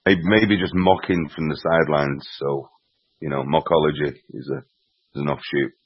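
A man's voice: very deep voice, steady tone, moderate pace, slightly rough, dry recording. A man in a casual group chat, hesitant and repeating himself, with dry mocking remarks. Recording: dry dull lo-fi call audio.

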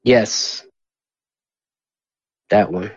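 A man's voice: extremely slow, no echo. A man hosting a casual group call, easygoing and prompting the others to talk. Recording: dull lo-fi call audio.

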